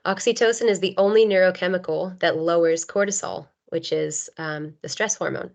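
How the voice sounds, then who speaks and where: Thirties woman therapist, earnest webinar teacher, slightly low voice, filler-heavy delivery, dull call-quality audio. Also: moderate pace, creaky. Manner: earnest, many ums and you knows. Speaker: occupational therapist presenter. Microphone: video call.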